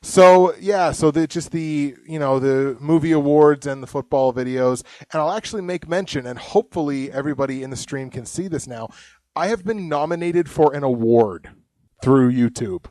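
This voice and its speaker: A man's voice: fairly high pitch, normal speed, darkish tone, dry recording. A young man co-hosting a casual live podcast, chatty and rambling, laughing often. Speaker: podcast co-host.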